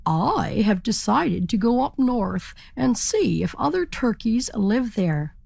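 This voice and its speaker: A woman voicing a proud, stubborn male turkey in a children's storybook, in a pompous, slow, drawn-out manner. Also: fairly high pitch, sing-song, vocal fry, a little mellow, no echo, exaggerated voice. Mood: grand.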